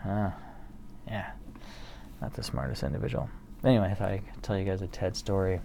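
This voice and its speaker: Man, low gravelly voice, mellow tone, profane rambling storyteller, casual chat, faint background noise. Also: animated, fairly quick. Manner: profane, rambling, laughs at his own story. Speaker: solo streamer or vlogger reading poems. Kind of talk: casual storytelling to an absent audience.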